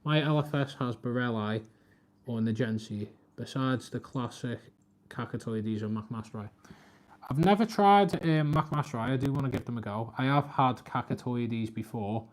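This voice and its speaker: Chatty man. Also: moderate pace. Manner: chatty, talks to his cat and viewers, voice jumps high when scolding. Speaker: live stream host. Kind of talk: casual live stream chat.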